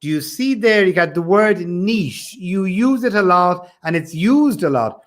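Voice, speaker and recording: A man teaching English corrects word stress and pronunciation in a friendly, casual manner. His voice is high for a man. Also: expressive, a little slow.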